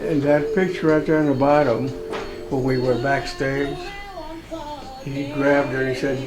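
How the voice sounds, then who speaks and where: A man tells an old memory in a relaxed, low-key way at an even middle pitch. Clear music plays behind his voice. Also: normal speed, poor audio. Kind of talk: casual storytelling.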